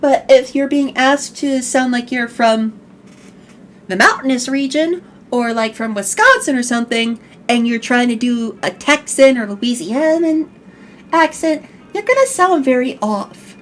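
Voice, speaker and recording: A young woman hosting a casual online talk show, animated and jokey. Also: sits high, unhurried, a little hiss or hum. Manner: animated, jokey, drops into put-on accents. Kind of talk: casual chat on a vtuber stream.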